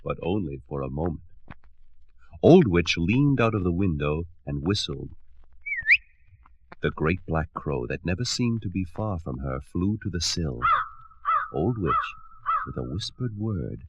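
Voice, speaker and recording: Slow low-voiced male storyteller. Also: muffled recording, background noise. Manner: expressive, dramatic narration. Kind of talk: storybook read-aloud.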